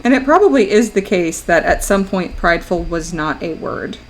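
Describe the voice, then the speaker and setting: A woman's voice: lowish voice, lively intonation, moderate pace, rough recording. A woman streaming while she draws, chatting casually, laughing often and reacting to her chat.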